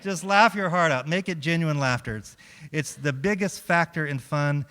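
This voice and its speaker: A congregation in a large church hall hears humorous stories from a middle-aged chaplain whose clean-toned voice sits on the high side. He keeps a moderate pace, laughs often and acts out what people said. Long reverb fills the hall.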